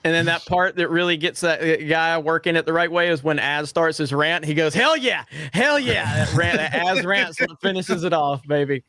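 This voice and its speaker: A man's voice: fairly high pitch, steady tone, fairly quick, hardly any pauses, pushed and bright, a little hiss or hum. A man co-hosting a live show, bantering casually with crude jokes and frequent laughter. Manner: crude joking, laughs often. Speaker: co-host.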